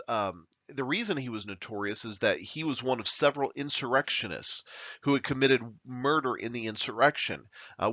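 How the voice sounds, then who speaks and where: A man's voice: medium pitch, pushed and bright, no room sound, highs cut off. A man teaching verse by verse through the Bible as a pastor, talking plainly with frequent fillers and restarts.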